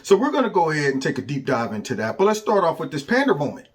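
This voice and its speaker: A man's voice: a little high, huge pitch swings, fast. A man hosting a political commentary vlog, speaking casually with sarcastic, emphatic jabs and repeated catchphrases. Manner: mocking, sarcastic, emphatic and repetitive; casual, colloquial speech.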